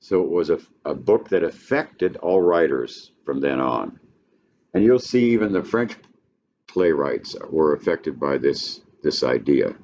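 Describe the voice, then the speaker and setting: An older man lecturing a class on a play in a folksy, halting way, with frequent restarts. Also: rumbling low, expressive, darkish tone. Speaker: literature teacher. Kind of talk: classroom lecture with read-aloud passages. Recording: dull lo-fi classroom recording with faint noise.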